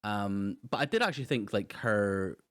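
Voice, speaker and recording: A man co-hosting a film podcast, talking in a hesitant, measured way with lots of fillers. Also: fairly low pitch, lively intonation, a bit bright, smooth, no room sound, studio quality. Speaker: podcast co-host. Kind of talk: casual film discussion.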